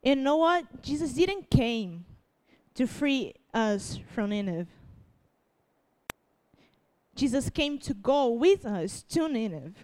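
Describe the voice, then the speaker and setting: Tearful young woman giving a halting testimony. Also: high-pitched, big pitch swings, a little mellow. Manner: halting, restarts often, laughs through tears. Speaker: youth preacher. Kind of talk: emotional testimony sermon.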